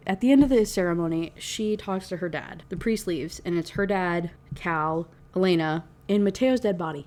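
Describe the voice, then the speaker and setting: Young woman, mellow voice, casual book-review rant, exasperated and sweary. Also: lowish voice, moderate pace, few pauses. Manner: exasperated, profane, heavy use of "like".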